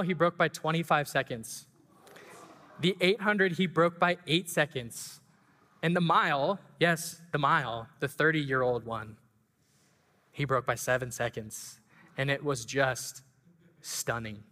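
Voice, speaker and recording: A man preaching a sermon, telling a story with emotion and rising excitement, then leading communion and prayer. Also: on the high side. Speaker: pastor and school track coach. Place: church sanctuary. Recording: long hall reverb.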